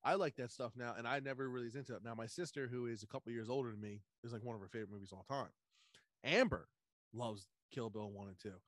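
A man chatting casually and excitedly retelling movie scenes, swearing a lot. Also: mid-range voice, fast, no echo. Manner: animated storyteller, swears a lot, acts out movie quotes. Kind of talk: casual chat.

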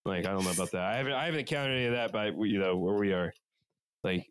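A man's voice: lowish voice, rapid-fire, clean tone. A man with a Northeastern US accent co-hosting a podcast, bantering in a rambling, profane style from a couch at home. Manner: rambling, profane, animated storytelling. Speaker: podcast co-host.

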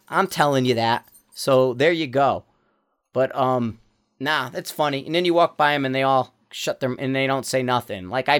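A man's voice: medium pitch, fairly bright tone, clear, resonant tone. A man hosting his own podcast, talking bluntly in a heated, profane rant full of restarts, recorded while walking around a neighborhood. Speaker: podcast host. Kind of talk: casual ranting monologue.

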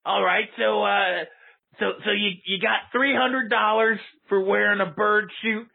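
A man's voice: sits high, fairly even intonation, measured pace, vocal fry. A man hosting a comedic call-in show, flustered and stammering as he pleads with a caller. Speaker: radio call-in host. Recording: phone-like narrow sound.

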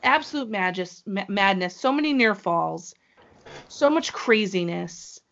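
A woman co-hosting a casual podcast chat, talking in an excitable, gushing way. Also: mid-range voice, unhurried, creaky, dull audio. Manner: excitable, gushing fan talk. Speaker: wrestling show co-host.

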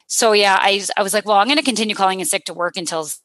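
A paramedic woman in her thirties, from Canada, recounting a personal ordeal in an interview, earnest and halting with many restarts. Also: fairly low pitch, fairly even intonation, fairly bright tone, no echo. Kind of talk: personal story in a podcast interview.

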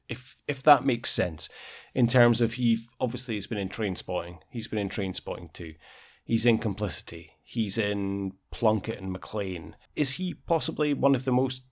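Man co-hosting a podcast, low-pitched, halting and stammery. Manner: hesitant, stammering restarts. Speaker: podcast co-host. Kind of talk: casual film-review chat.

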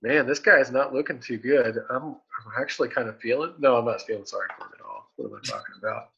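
A man's voice: medium pitch, fast talker, creaky, pushed and bright, slightly rough, dull audio. A man playing a tabletop game, chatting casually and thinking aloud as he counts his dice.

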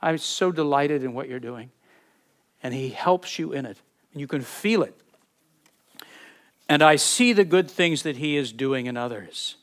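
A man preaching a sermon as a pastor, earnest and heartfelt, often repeating words as he searches for them and dropping from emphatic to hushed. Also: fairly high pitch, animated, a little slow, long pauses.

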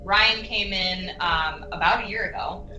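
A woman's voice: medium pitch, a little slow, echoey room, highs cut off, over music. A woman, a paranormal investigator and guest, chatting casually and laughing often. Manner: giggly, chatty. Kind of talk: casual interview chat.

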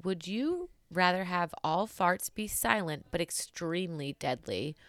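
Lively, teasing young woman co-host. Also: fairly low pitch, unhurried, no echo. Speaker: podcast co-host. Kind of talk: casual chat.

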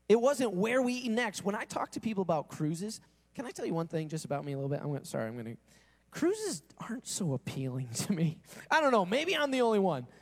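A male pastor preaching a sermon to his congregation in a conversational way, asking them questions and acting out quoted voices. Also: high-pitched. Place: church sanctuary. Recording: long reverb in a church hall.

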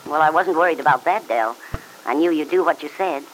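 A woman playing a warm country aunt. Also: low voice, a little fast, slight background noise, natural voice, poor audio. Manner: warm, friendly, reassuring. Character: warm, friendly country aunt, hopeful optimist. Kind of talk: 1940s radio acting.

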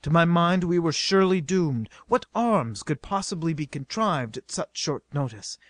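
A man reading an adventure novel aloud as narrator, with a steady, dramatic delivery. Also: a little high, moderate pace, no echo. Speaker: audiobook narrator.

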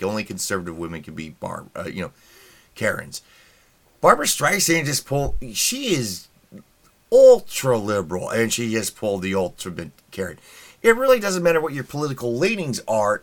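A man's voice: mid-range voice, a bit bright. A middle-aged man hosting a podcast, delivering a casual, sarcastic, rambling opinion monologue with wry asides. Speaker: podcast host.

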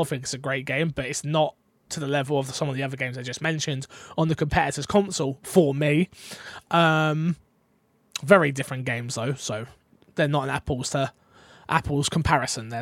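Podcast guy chatting loose and rambly, kinda high voice, dry close sound. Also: a bit bright, dry recording. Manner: rambling, teasing, restarts often. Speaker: podcast co-host. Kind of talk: casual chat.

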